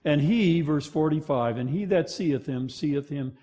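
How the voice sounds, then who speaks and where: A man preaching a sermon, swinging between loud emphasis and hushed moments, asking the congregation to finish verses. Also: a little high, unhurried. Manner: asks the congregation to fill in verses. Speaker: pastor.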